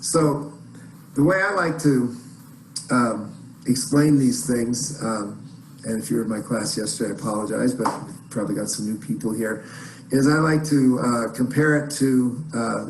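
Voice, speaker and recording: A man's voice: medium pitch, moderate pace. A man teaching chant in an online lesson, explaining in plain words between short sung phrases. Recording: roomy echo, faint noise.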